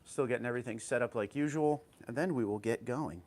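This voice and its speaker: Talking quickly, a New Jersey man hosts a relaxed livestream from his home on an old tablet, keeping an easy, even pitch. One by one he welcomes viewers by name and warmly, informally reads out what they've commented.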